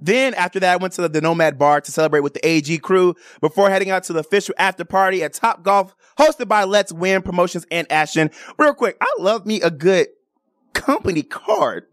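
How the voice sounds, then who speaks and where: A man, a radio host, chatting animatedly and giving shout-outs to friends and listeners. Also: high-pitched, animated, a little fast, no room sound, studio quality. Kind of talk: casual chat.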